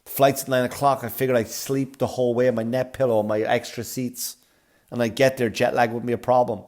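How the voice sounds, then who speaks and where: A man's voice: mid-range voice, brisk. Profane Irish-born man telling a comic story. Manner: animated, profane, sarcastic. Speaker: comedian podcast host.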